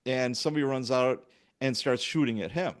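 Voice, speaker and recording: A man, a police officer, telling work stories in casual chat and acting out the dialogue in an animated way. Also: mid-range voice, fairly quick. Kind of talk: casual storytelling.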